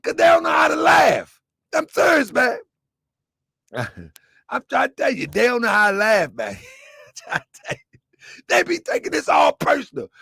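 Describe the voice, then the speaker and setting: A man hosting his own channel, ranting loudly and laughing through animated commentary. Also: extremely high pitch, moderate pace, gravelly, slightly rough, dry recording, studio quality, some chatter behind. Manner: loud, laughing, animated rants. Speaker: channel host.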